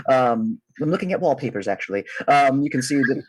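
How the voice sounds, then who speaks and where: A male game master with a husky voice narrates a tabletop game in a loose, rambling way, full of fillers. The sound is dry, as if close to the mic. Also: mid-range voice, lively intonation, quick pace, hardly any pauses, no room sound.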